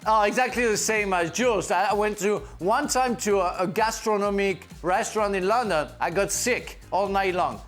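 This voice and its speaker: A man with a French accent, a former defender chatting on a panel, halting and restarting as he talks. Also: high voice, fairly bright tone, faint music behind. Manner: halting, restarts often, laughs. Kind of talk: casual panel chat.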